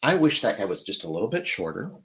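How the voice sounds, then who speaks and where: A man's voice: lowish voice, big pitch swings, fast, background noise. A man hosting a live flower-arranging demonstration, chatty and enthusiastic as he talks while working with his hands. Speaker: florist host.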